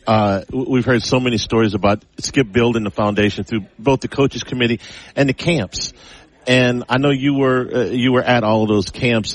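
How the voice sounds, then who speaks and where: A man hosting a radio interview, asking long, winding questions. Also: medium pitch. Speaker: radio host.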